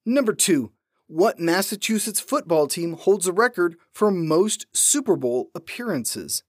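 A man's voice: high-pitched, unhurried, dry recording. A man hosting a trivia podcast, reading questions in a playful manner. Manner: animated, playful. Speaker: podcast host, trivia quizmaster.

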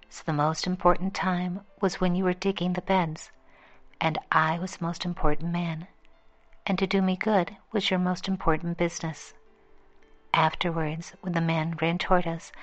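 A calm, patient old hermit giving his lesson, as a woman storyteller reads him. The delivery is even and flat, in a lowish voice. The sound is dull and lo-fi. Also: natural voice.

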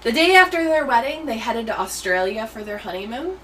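A woman's voice: fairly high pitch, big pitch swings, fairly quick, fairly bright tone, recorded from a distance, slight background noise, poor audio. An American woman hosting a true crime podcast, telling the story in a chatty way with tangents. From United States. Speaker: podcast host.

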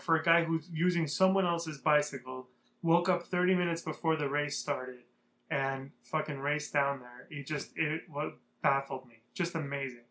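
A young man from Southern California tells a story in a loose, casual vlog way. His voice sits a little high for a man. He rambles and swears freely, with lots of fillers. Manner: profane, rambling, animated. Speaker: vlogger.

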